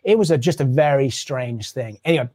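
A touring drummer telling a story in an interview, animated and acting out the people he quotes. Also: mid-range voice, a little fast.

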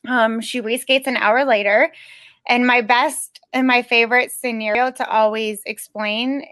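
Emphatic woman athlete, bright higher voice. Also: fairly even intonation, measured pace, dry recording. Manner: earnest, emphatic and determined. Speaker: Olympic speed skater, guest. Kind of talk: personal storytelling in a podcast interview.

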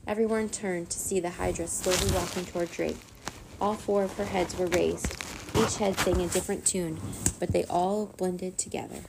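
A woman reading a children's chapter book aloud in a steady, even narrating voice. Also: on the low side, normal speed, creaky, noisy background. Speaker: storyteller.

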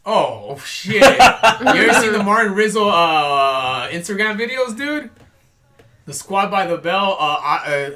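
A man's voice: sits high, animated, slow pace, a loud crowd. A man in his thirties hosting a comedy podcast, talking in loose, laughing banter and stumbling over his words. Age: 30s.

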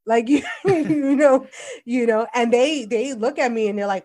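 A woman in her forties, a guest on a casual podcast, talking bluntly and telling animated stories about raising kids, with a New York accent. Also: fairly high pitch, moderate pace. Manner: blunt, animated storytelling with laughs.

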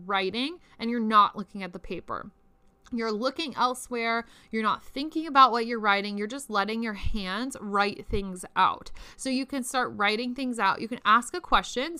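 A woman's voice: mid-range voice, pushed and bright, clean tone, no room sound. A young woman teaching spiritual practice in a chatty, casual way, swearing freely and laughing often.

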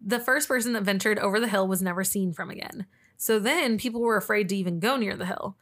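A woman's voice: mid-range voice, fast, a bit bright. Woman, podcast co-host, casual storyteller, mid-range voice, giggly and loose. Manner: chatty, laughs often, trails off and restarts. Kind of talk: casual chat, telling cryptid stories.

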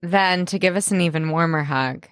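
A woman with a low voice co-hosts a casual podcast recap. She reacts emphatically, with drawn-out groans and quick agreement. The recording is close and dry. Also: fairly bright tone, smooth, no room sound. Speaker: podcast co-host.

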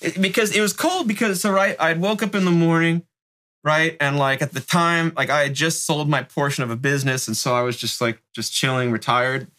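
A middle-aged interview guest from the North Bay of Northern California tells a long, casual story in profane street slang, sprinkling in "like" and "right?". His voice is a little high, steady and sharp, and he speaks fairly quickly.

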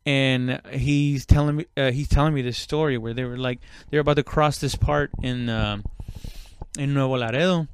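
A man's voice: mid-range voice, fairly even intonation, moderate pace, hardly any pauses, clean tone, no echo. A man telling a story casually, rambling with lots of restarts, swearing freely and acting out quoted speech. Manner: rambling, many fillers and restarts, profane; acts out quoted speech loudly.

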